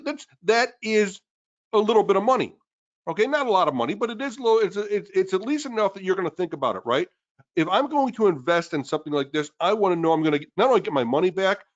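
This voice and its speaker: Emphatic high-voiced webinar co-host. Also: male voice, muffled recording. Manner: emphatic, repetitive persuading. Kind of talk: live webinar sales pitch.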